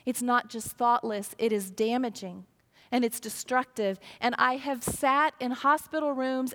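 A middle-aged woman pastor giving an earnest sermon, telling stories and acting out quoted voices. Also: high-pitched. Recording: long reverb of a large hall.

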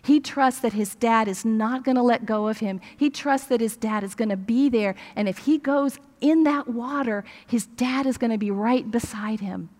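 A woman's voice: fairly high pitch, normal speed, hardly any pauses. Older woman preacher telling a story in a reverberant hall. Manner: animated storyteller acting out dialogue. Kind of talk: sermon storytelling.

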